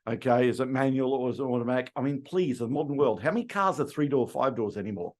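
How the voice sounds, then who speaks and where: A man's voice: mid-range voice, fast. A middle-aged man from Australia, training car salespeople and acting out phone calls to customers. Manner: animated, acts out customer calls in quotes. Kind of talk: training talk with role-played phone calls.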